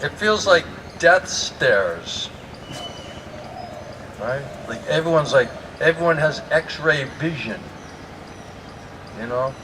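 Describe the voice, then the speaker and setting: A man's voice: fairly high pitch, expressive, slow pace, pauses often. A man, a monk, giving a morning scripture class in a chatty, joking sermon style. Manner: joking, chatty, laughs often. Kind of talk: conversational sermon. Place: temple class in India. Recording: distant mic with noisy ambience.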